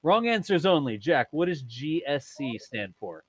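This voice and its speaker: A man's voice: a little high, big pitch swings, normal speed, husky, dry recording. A man hosting a casual livestream, reading viewer messages aloud with lots of laughter. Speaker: livestream host.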